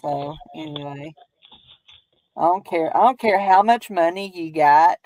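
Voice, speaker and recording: A woman's voice: sits low, a little slow, darkish tone, no echo, poor audio. A woman with a Southern US accent who hosts a crafting stream, chatting casually in a rambling, folksy way and laughing often. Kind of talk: casual chat while crafting.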